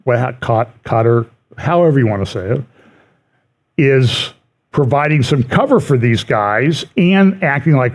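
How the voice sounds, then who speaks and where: A middle-aged man speaks to his congregation in an easygoing, conversational way, reading quotations aloud and adding wry asides. His voice sits at an ordinary middle pitch. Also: animated, normal speed, darkish tone. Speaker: prophecy teacher at a church. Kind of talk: church prophecy update talk.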